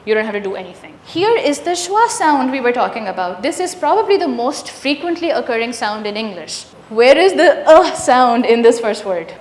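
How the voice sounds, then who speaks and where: A woman's voice: on the high side, big pitch swings, normal speed, few pauses. A woman leading a live teacher workshop, patiently drilling sounds and quizzing the room. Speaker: workshop trainer. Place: large echoey hall. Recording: roomy hall reverb, faint ambience.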